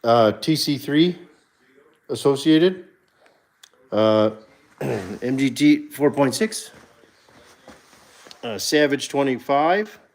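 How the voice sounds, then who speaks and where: A man hosting a casual livestream, touring his home garage in a halting way, with many fillers and self-corrections. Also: medium pitch, fairly bright tone. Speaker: livestream host.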